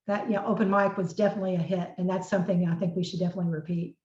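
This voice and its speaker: A woman's voice: on the low side, fairly even intonation, racing, a little mellow. A woman hosting a live online chat, inviting the audience to share their thoughts. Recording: roomy, dull call audio.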